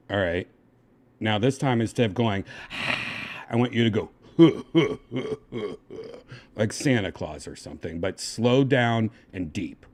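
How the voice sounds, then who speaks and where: A man hosting a casual livestream, coaxing and giving step-by-step instructions in a relaxed, chatty way. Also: on the low side, slow pace, pauses often. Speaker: livestream host.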